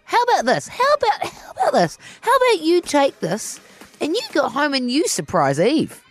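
A woman's voice: sits high, huge pitch swings, moderate pace, faint music behind. A woman hosting a radio show, teasing and playful in casual banter. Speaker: radio host.

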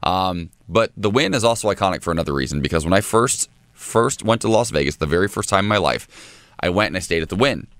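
A man's voice: deep voice, animated, fast, fairly bright tone, no echo. A man co-hosting a morning radio show, chatting animatedly and laughing often. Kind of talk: casual radio banter.

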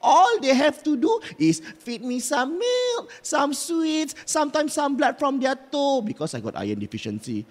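A woman's voice: sits high, sing-song, normal speed, hardly any pauses. A woman voicing a whiny undead infant spirit boy with a Malaysian English accent, petulant and self-pitying. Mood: complaining. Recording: long reverb with music behind.

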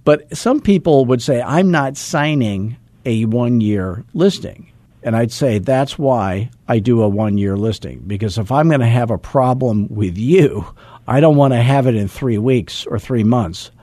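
On a dry recording, a real estate coach in his sixties talks at medium pitch and a moderate pace. Over a call he spins a story at his own expense, voicing the quoted lines with animation and frequent chuckles.

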